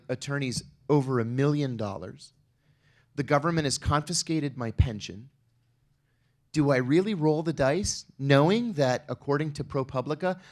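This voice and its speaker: A middle-aged man speaking on a conference panel, telling a personal story with wry asides. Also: on the high side. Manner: storytelling, wry, acts out quoted exchanges.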